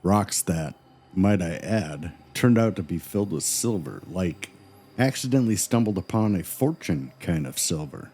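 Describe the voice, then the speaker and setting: In scripted podcast banter, this male co-host keeps throwing goofy wisecracks into the story, sometimes yelling jokes loudly. He has a deep, husky voice, animated and at normal speed.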